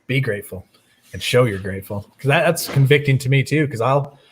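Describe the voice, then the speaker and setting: A man's voice: medium pitch, expressive, fairly quick, slight background noise. A man hosting a recovery channel, responding in a casual, affirming and reflective way. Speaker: channel host. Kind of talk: casual chat.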